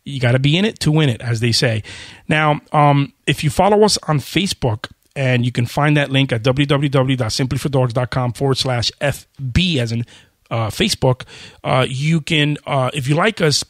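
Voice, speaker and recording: A male podcast host speaks in a mid-pitched voice, quick and conversational, with frequent "uh"s and "you know"s. The sound is dry and close, with no room echo. He keeps an easy, casual pace as he addresses his audience. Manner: talks fast, chatty, with many fillers.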